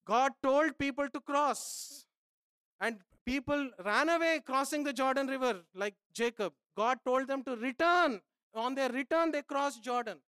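A man preaching a sermon as pastor, emphatic, repeating phrases and swinging from soft asides to loud pleading. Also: very high voice, a little slow, clean tone, no room sound, clean studio sound.

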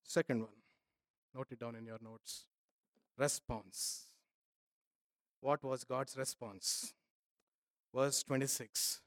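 A man's voice: medium pitch, fairly even intonation, slow, pauses often, dry recording, clean studio sound. Emphatic male pastor preaching. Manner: emphatic, repeats phrases, swings from soft asides to loud pleading. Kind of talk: sermon.

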